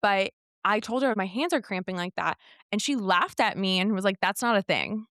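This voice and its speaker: A young woman talks through a personal story in a relaxed podcast chat. She keeps the telling candid and lively and slips into the voices of the people she quotes. The sound is close and dry. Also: medium pitch, normal speed, no echo. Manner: candid, animated retelling with quoted dialogue. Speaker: podcast guest. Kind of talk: casual storytelling conversation.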